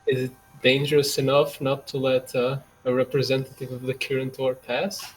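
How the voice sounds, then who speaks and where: A man's voice: mid-range voice, completely flat delivery, normal speed, soft background music, poor audio. A man playing in a tabletop game, talking casually and hesitantly with fillers. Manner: casual, hesitant, apologetic in character. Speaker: player.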